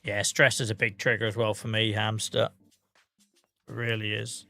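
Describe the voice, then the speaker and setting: A man's voice: on the low side, level tone, moderate pace, gravelly, sharp tone, soft background music. A man hosting a game livestream, chatting casually and self-mockingly as he reads out viewer comments. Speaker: livestream host. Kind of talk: casual chat with viewers while gaming.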